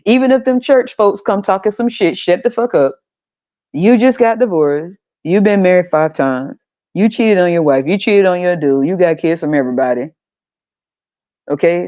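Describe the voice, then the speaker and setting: A woman's voice: lowish voice, brisk, dark tone, no room sound, muffled recording. A woman hosting a podcast, ranting in a blunt, profane, mocking way and acting out other people's voices. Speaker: podcast host. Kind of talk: casual ranting monologue.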